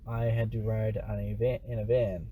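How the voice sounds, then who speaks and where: Young dude cohosting a chill podcast, rambly, laughs a lot, bit of hiss. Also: male voice, fairly low pitch, level tone, normal speed, dark tone. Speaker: podcast co-host. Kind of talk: casual chat.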